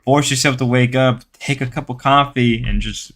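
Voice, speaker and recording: A man's voice: mid-range voice, fairly even intonation, normal speed, fairly bright tone. A man streaming a casual reaction to a video, rambling and exclaiming with frequent laughter. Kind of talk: casual live reaction commentary.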